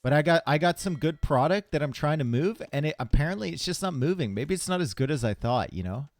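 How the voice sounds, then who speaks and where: A man casting a live strategy game tournament, chatty and relaxed, chatting with viewers between plays from a home stream setup. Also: a little high, fast, dry recording. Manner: casual, chatty, talks to chat between plays. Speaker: tournament caster. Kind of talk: live esports commentary.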